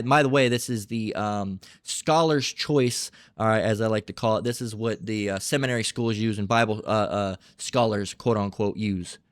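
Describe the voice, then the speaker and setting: A man's voice: on the low side, clean tone, no room sound, studio quality. A man commentating and reading aloud in a combative way, repeating himself, swearing freely and keeping on asking "all right?". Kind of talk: heated commentary and bible reading.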